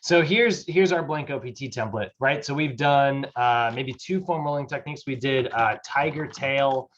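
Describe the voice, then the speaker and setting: Male fitness instructor, casual lecturer, chatty and filler-heavy, mid-pitched, slightly muffled recording. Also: normal speed, a bit bright. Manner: loose and chatty, lots of fillers. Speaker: personal fitness training instructor.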